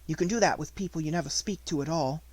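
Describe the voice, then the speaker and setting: A man's voice: a little high, fast talker, darkish tone, dry recording, pitched above the performer's own voice, close to an everyday voice. A man voicing a composed, imaginative young girl who speaks grandly and politely, in an audiobook reading. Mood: gentle.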